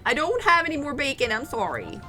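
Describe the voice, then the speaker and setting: Bright-voiced woman playing a game. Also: high-pitched, wildly swooping pitch, fairly quick, soft background music. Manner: chatty, giggly, reacts aloud to the game. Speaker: gaming streamer. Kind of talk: let's play commentary, reading game dialogue aloud.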